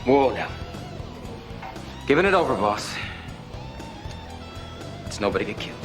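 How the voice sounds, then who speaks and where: A jittery arms dealer, animated pitch, TV drama mix with music underneath. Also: male voice. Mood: wary. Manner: rattled, pleading, talking fast under threat. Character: nervous male arms dealer, fast-talking.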